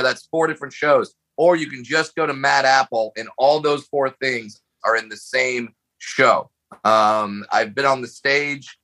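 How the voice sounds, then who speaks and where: Excited comedian guy, bright voice, keeps tripping over his words. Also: mid-range voice, low-quality recording. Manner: enthusiastic, stammering restarts. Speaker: comedian guest. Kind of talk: casual chat.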